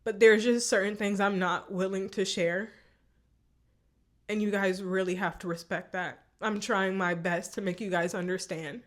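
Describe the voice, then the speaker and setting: A woman's voice: medium pitch, fairly even intonation, normal speed. Woman telling an emotional personal story. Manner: candid, emotional storytelling with repeated phrases. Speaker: vlogger.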